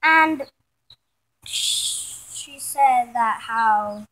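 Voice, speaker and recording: A woman's voice: high voice, extremely slow, fairly bright tone. A woman telling an improvised story in a rambling way, often restarting and correcting herself.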